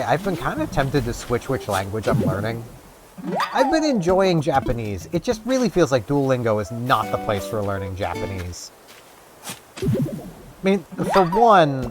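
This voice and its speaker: A man with a Canadian accent chatting casually and rambling while he plays a video game. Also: medium pitch. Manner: rambling, chatty, self-mocking. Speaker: gaming vlogger. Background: game music.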